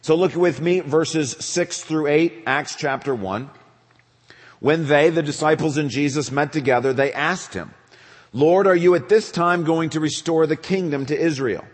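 A male pastor preaching a sermon, animated, acting out questions in quick bursts. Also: a little high. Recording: reverberant church hall.

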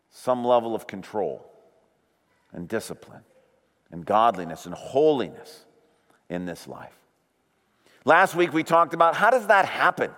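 Slow, measured pastor in reverberant hall. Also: male voice, sits high. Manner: slow, deliberate preaching with drawn-out emphasis. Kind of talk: sermon.

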